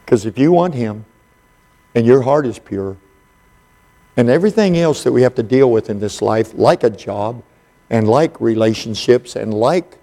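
A man preaching a sermon in an unhurried, folksy storytelling way, with frequent pauses and fillers. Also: mid-range voice, expressive, warm tone.

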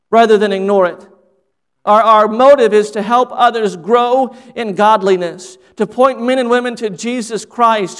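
A male pastor preaching a sermon earnestly, repeating phrases for emphasis, in a church. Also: very high-pitched. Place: church sanctuary. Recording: long hall reverb.

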